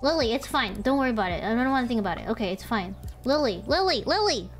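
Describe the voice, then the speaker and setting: Flustered high-voiced woman streaming a card game. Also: expressive, fast, soft background music. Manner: flustered, thinks aloud, swears, squeals when upset. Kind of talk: casual gameplay streaming.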